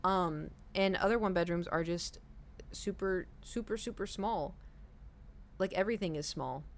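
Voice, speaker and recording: A woman's voice: lowish voice, measured pace. A young woman streamer rambling through a casual story, full of "like" and "you know". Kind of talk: casual chat.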